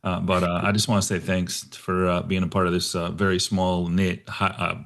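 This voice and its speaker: A man hosting a casual online show, relaxed and chatty, calling people bro and man. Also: low-pitched, vocal fry. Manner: laid-back, says bro and man a lot, halting. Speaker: podcast host. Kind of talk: casual video call chat.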